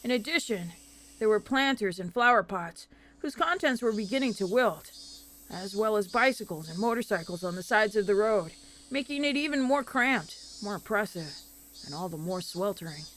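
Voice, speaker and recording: Lively woman streamer narrating a game. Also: mid-range voice, moderate pace, slight background noise. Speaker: streamer reading a visual novel aloud. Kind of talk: dramatic narration of game text.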